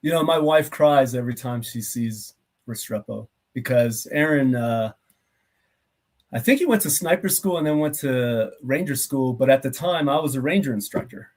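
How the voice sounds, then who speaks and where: A man's voice: medium pitch, animated, moderate pace, darkish tone. A middle-aged man in a mid-range voice speaks as a guest on a video call. He talks thoughtfully and loosely, with frequent filler phrases as he recalls things. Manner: reflective, many filler phrases. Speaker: guest, retired army officer. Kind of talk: casual interview chat.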